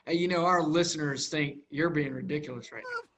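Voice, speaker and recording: A man with a slightly raised pitch chats on a podcast. He hesitates a lot and fills pauses with "uh" and "um". When he is teased, he defends himself. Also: background noise. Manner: hesitant, many fillers, defensive. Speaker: podcast co-host. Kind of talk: casual chat.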